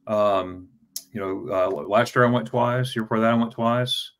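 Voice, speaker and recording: There's a little hiss or hum behind this man's fairly low, fairly evenly intoned voice as he talks at normal speed. In his fifties and a travel vlogger, he tells a long personal story as a casual interview guest, stammering, repeating words, and using many fillers.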